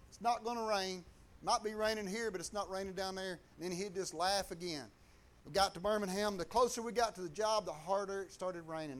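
A man with a Southern US accent tells a testimony story in a high, light voice. His talk is folksy and colloquial, and he briefly takes on other people's voices as he tells it.

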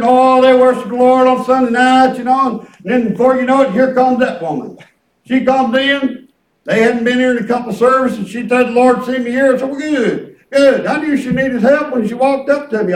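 A man preaching in a folksy, animated way, telling stories in a church. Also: very high-pitched. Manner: folksy, animated, peppered with "praise God". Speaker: pastor. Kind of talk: sermon storytelling. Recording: echoey church from far off.

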